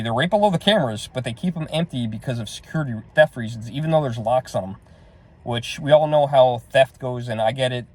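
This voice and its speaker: A man's voice: medium pitch, darkish tone. A middle-aged man casually retelling a frustrating shopping trip, rambling and exasperated, quoting what everyone said. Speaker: vlogger. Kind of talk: casual storytelling to camera.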